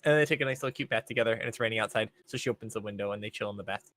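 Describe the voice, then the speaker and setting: A man's voice: fairly low pitch, very fast, a bit bright. Laid-back young man recapping a show. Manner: laid-back, rambling recap with many fillers. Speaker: podcast co-host. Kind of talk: casual chat.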